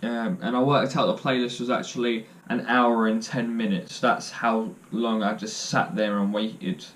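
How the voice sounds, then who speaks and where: A man's voice: fairly low pitch, fairly even intonation, moderate pace, fairly bright tone. A young man telling stories to camera in a casual vlog, joking and self-deprecating as he rambles. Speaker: vlogger.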